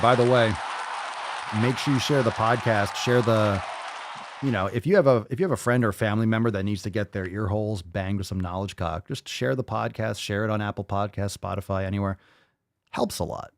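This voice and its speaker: A man hosting a livestream podcast, talking in a crude, loud and mocking way. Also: fairly low pitch, brisk, dry recording, studio quality. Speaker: podcast host.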